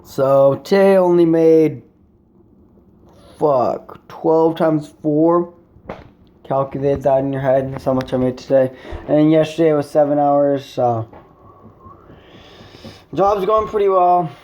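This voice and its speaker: A man's voice: on the high side, slow pace, pauses often, warm tone. Young man telling a rambling story. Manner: rambling, swears a lot, filler 'like'. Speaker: vlogger. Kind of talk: casual storytelling to camera.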